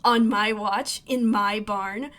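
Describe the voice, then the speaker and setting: A woman voicing a stern, dry older mother with a low drawl. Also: fairly even intonation, takes it slowly, fairly bright tone. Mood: wry.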